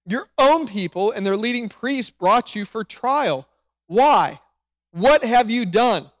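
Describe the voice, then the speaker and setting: A man reading the part of a stern Roman governor who presses his prisoner with slow, weighty questions. The voice sits high for a man, and the recording is close and dry with no room sound. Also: lively intonation, fairly bright tone, no room sound. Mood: demanding. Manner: read aloud with emphatic slowed questions.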